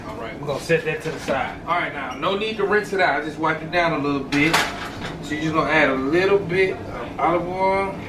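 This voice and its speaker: A man cooking in a home kitchen, calmly giving step-by-step instructions to his viewers. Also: on the high side, a little fast. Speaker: home cook. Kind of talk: cooking demonstration. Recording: echoey room from a distance, noise.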